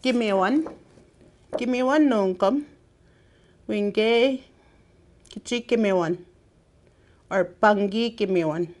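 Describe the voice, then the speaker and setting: A woman leads a classroom language lesson at a very slow pace. She says each word several times, patiently, so learners can repeat it. Her voice sits in an ordinary middle pitch. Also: a little mellow. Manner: repeats words slowly for learners. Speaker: language teacher.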